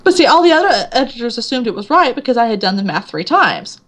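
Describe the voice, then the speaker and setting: A woman's voice: on the high side, fast. A woman author being interviewed, chatting casually and acting out quoted voices with frequent laughter. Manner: animated storyteller, acts out quotes, laughs often. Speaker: author guest.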